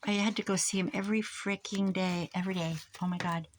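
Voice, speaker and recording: A grandmother from the United States chats and rambles as she crafts on camera, talking while she works. Her medium-pitched voice is brisk with fairly even intonation, and a little hiss or hum sits in the recording.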